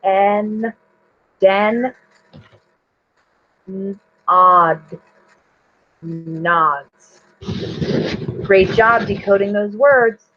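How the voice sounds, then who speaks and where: A woman teacher leading an online reading lesson for young children, sounding out letters clearly and praising her readers. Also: mid-range voice, very slow, pauses often, a bit bright. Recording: dull lo-fi recording.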